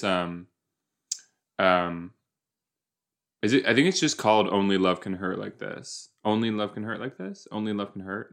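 A man's voice: fairly low pitch, fairly bright tone. A young man in casual reaction commentary, rambling and joking as he reacts to a TV episode. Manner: chatty, rambling, jokey, puts on silly voices. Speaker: podcast host reacting to a TV episode.

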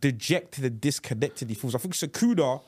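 A man's voice: mid-range voice, lively intonation, a little fast, a little mellow. A man hosting a podcast, talking casually and with animation, full of restarts and "like" fillers. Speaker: podcast host. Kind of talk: casual chat.

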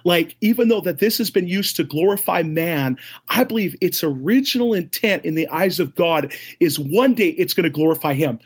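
A middle-aged man, a ministry leader, telling an animated story as an interview guest, acting out the voices of others and laughing often. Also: a little high, moderate pace, hardly any pauses, husky.

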